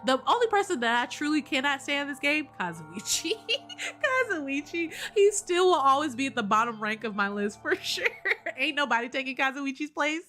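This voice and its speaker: A woman chatting casually while streaming a game, animated and quick to laugh and swear, greeting her viewers. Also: high voice, faint music behind. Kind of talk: casual live game commentary.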